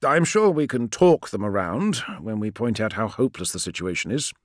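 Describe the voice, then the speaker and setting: A man voicing a calm, confident male adept who speaks in a measured, persuasive way. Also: fairly low pitch, dry recording, studio quality.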